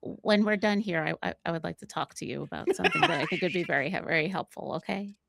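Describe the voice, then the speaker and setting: A woman voicing a small, friendly female pixie vendor who talks quickly. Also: fairly low pitch, vocal fry, slight background noise.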